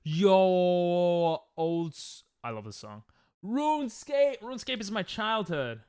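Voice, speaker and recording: A man's voice: a little high, very animated, normal speed, a bit bright, no room sound. A young man chatting casually on a live stream while gaming, joking, laughing often and reading chat aloud from a close desk mic at home.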